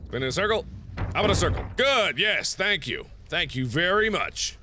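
A man giving running commentary on a horror game playthrough. He mutters to himself as he explores and shouts taunts at the ghosts on screen. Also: high voice, sing-song, normal speed. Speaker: gaming video host. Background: loud game music.

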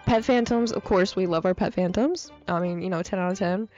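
A young woman giving excitable, slang-heavy commentary on a game update, holding a handheld mic that peaks. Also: lowish voice, fairly quick. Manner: excitable, chatty, full of slang and fillers. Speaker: gaming YouTuber. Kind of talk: casual gameplay commentary. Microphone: handheld mic, peaking and overdriven. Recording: dull lo-fi mic with faint music.

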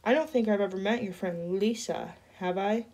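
A woman's voice: medium pitch, normal speed, darkish tone, lightly acted. A woman reading aloud, voicing a firm, shrewd grown woman who sees through a lie. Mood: stern. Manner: firm, knowing.

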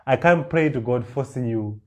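A man leading a prayer meeting, teaching in a relaxed, conversational way with frequent restarts and check-ins with his listener. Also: medium pitch, moderate pace. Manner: conversational, repeats "you understand?", frequent restarts. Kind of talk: informal teaching sermon.

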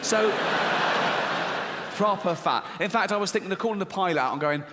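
A man's voice: sits high, normal speed, heavy background noise. A man with an English accent doing a stand-up routine, telling a story in a crude, sardonic way with frequent swearing. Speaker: stand-up comedian. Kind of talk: stand-up comedy. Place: large theatre stage. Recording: live show in large reverberant hall.

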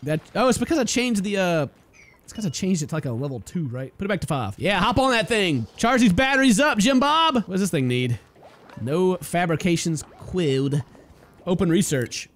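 A young man casually commentating a colony game, excitable and jokey, talking to his little characters. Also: high voice, moderate pace. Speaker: gaming YouTuber. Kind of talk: casual let's-play commentary.

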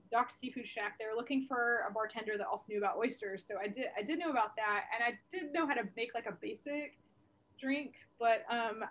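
Young woman, comedian, swearing freely, laughing through stories, video call, slightly high voice. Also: a little hiss or hum. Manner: animated, profane, laughing storyteller. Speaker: comedian guest. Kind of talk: casual storytelling interview.

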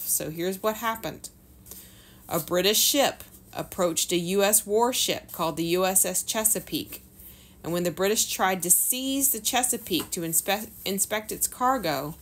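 A woman's voice: on the low side, unhurried. Southern woman reading history aloud to kids. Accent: Southern American. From North Carolina. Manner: conversational, breaks off to explain and joke. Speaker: homeschool teacher reading to her children. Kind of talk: reading aloud and chatting about a history book.

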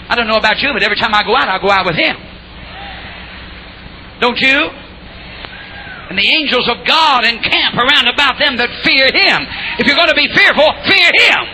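High, bright-voiced shouting preacher. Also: male voice, slight background noise, rough recording. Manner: shouting, call-and-response exhortation. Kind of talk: revival sermon.

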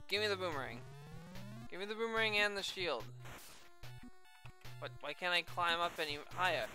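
A woman's voice: on the low side, expressive, moderate pace, pushed and bright, faint music behind. A woman doing let's play commentary, exasperated, swearing freely, with yelps and laughs. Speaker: video game streamer.

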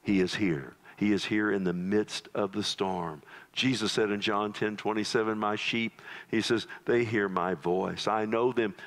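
A man preaches a sermon at a deliberate, unhurried pace. His voice sits low, and he lets it fall to a near-hush for emphasis. He talks straight to his listeners and calls them "loved one.". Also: fairly even intonation. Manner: dramatic, drops to low hushed tones for emphasis. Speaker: pastor.

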